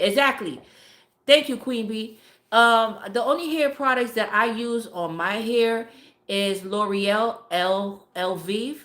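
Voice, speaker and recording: A woman's voice: a little high, fairly bright tone. A woman hosting a casual live stream, talking bluntly and cursing often while greeting viewers by name. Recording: echoey room.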